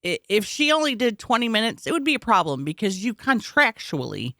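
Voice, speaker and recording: A woman comedian co-hosting a podcast in casual chat, dropping deadpan one-liners and explaining how the job works. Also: mid-range voice, brisk, no room sound, clean studio sound. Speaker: podcast co-host, stand-up comedian.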